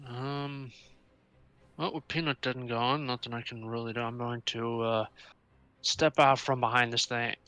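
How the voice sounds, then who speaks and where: Crisp bright-voiced hesitant male player. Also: mid-range voice, fairly even intonation, a little slow, dry recording. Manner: hesitant, searching for words. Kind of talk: describing his character's actions in a tabletop game.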